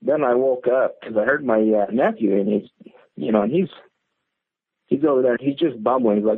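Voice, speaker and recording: A man's voice: mid-range voice, a little fast, husky. A man calling in, telling a story in a rambling, casual way, full of fillers and restarts. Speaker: caller. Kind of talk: casual storytelling on a call-in show. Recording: tinny phone line.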